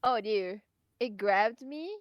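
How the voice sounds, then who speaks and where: A woman's voice: fairly high pitch, expressive, slow pace, no echo, lo-fi sound. A young woman playing a tabletop game on a call, hesitant and giggly, thinking aloud over her moves. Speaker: player. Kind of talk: casual game chat.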